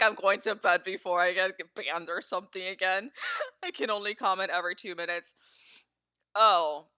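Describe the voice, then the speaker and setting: Lively, laughing woman streamer. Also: on the low side, no echo, clean studio sound. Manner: laughs often, swears freely. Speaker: live streamer. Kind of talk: casual live-stream chat with viewers.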